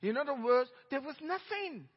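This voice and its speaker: A middle-aged man with a Nigerian accent preaching a sermon as pastor, telling stories emphatically and swinging between loud outbursts and hushed asides. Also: extremely high pitch, expressive, normal speed. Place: church sanctuary. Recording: dull reverberant church recording.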